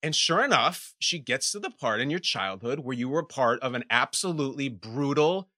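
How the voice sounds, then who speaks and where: A man's voice: medium pitch, animated, moderate pace, bright, forceful tone, no echo, studio quality. A man hosting an interview, playful and upbeat as he asks questions. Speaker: host. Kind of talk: casual interview.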